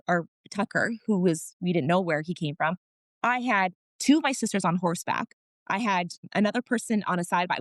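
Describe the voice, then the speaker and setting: This podcast guest, a wellness practitioner, has a lowish voice captured in a clean, dry studio recording. Chatting casually with the interviewer, she recounts family stories with frank emotion and now and then swears mildly.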